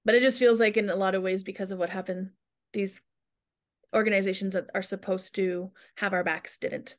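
A woman's voice: mid-range voice, fairly even intonation, brisk. A woman hosting a podcast in a casual, chatty way, joking at her own expense. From Alberta, Canada. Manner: chatty, self-deprecating, emotional at times. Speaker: podcast host.

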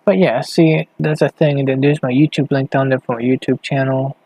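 A man hosting a casual late-night solo podcast, rambling and halting as he thinks aloud while clicking around on his computer. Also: medium pitch, fairly even intonation, mellow, slightly rough, dry recording, poor audio. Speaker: podcast host.

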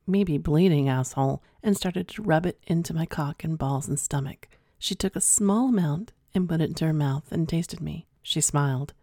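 A woman with a low, mellow voice hosts a show and reads a listener's story aloud. Her delivery is frank and direct, and at times she drops into an unvoiced whisper. The recording is dry, with no room sound. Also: no echo. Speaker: podcast host reading listener stories. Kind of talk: reading a submitted story aloud, then casual comment.

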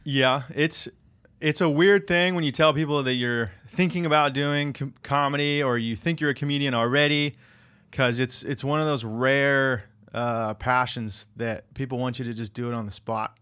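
A man in casual conversation whose voice is bright and forceful. He swears constantly and tells animated stories, slipping into the voices of people he quotes. He sounds like an everyday working guy who wants to be a comedian. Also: medium pitch, normal speed, smooth. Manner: profane, animated storytelling with acted-out voices. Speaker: electrician and aspiring comedian. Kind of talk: casual chat.

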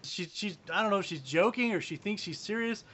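A man's voice: sits high, animated, brisk, fairly bright tone. A man co-hosting a casual movie discussion, tossing in blunt, profane wisecracks. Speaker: podcast co-host. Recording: dull lo-fi sound.

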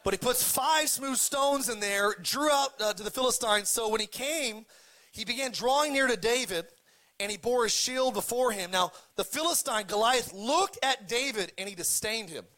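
Preaching at a moderate pace, this pastor has an extremely high, pushed, bright voice. His sermon is full of jokes and casual scripture retellings, and he gets the congregation to repeat words back in call-and-response.

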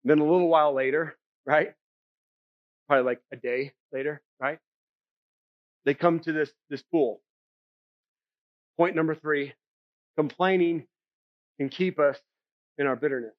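A male pastor delivers a sermon in a casual, talky way, often checking in with "right?" and "okay?". His voice sits high. The recording is slightly dull and muffled. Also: unhurried, long pauses. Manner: conversational preaching, frequent "right?" and "okay?".

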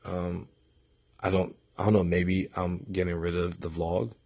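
A man's voice: deep voice, level tone, a little slow, creaky, a little mellow, slightly rough. A tired young man talking casually to his vlog audience at night, rambling and hesitant, with many restarts. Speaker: vlogger.

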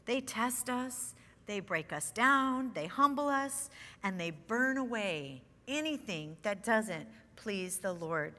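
A woman's voice: mid-range voice, animated, slow pace, pushed and bright. A middle-aged woman teaching a women's Bible study in an earnest, conversational way. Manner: earnest, conversational, with nervous laughs. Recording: long hall reverb.

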